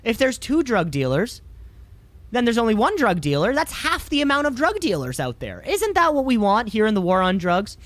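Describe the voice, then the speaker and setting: A man's voice: very high voice, huge pitch swings, moderate pace, a bit bright, dry recording. A man co-hosting a podcast in casual chat, rambling and joking sarcastically. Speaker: podcast co-host.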